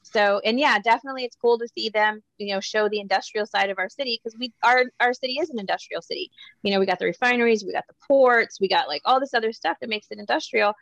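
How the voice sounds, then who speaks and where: A woman from Corpus Christi, Texas, co-hosting a casual pop-culture podcast, talking in an animated, gushing way with lots of fillers. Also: fairly high pitch, fast talker, gravelly, dry recording, muffled recording. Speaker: podcast co-host.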